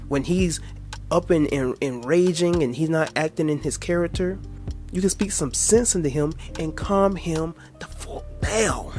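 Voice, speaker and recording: A man's voice: on the high side, darkish tone. A man hosting a reaction video, lecturing in a preachy way, quoting scripture with crude asides.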